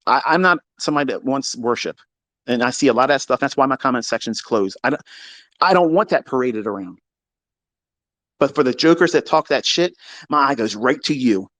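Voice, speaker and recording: A man hosting a live audio room, ranting in a casual, heated way. He is profane, taunting and boastful, and he swings between loud outbursts and low mutters. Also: lively intonation, brisk, no echo.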